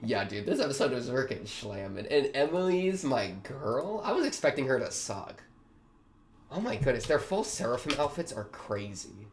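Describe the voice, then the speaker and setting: Animated young man rambling through commentary. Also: medium pitch, moderate pace, a little hiss or hum. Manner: animated, rambling, slangy, lots of fillers. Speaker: reaction video host. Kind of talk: casual reaction commentary.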